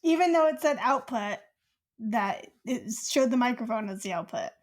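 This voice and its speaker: A woman's voice: fairly high pitch, expressive, moderate pace. A woman co-hosting a casual podcast, giggly and laughing often. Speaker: podcast co-host.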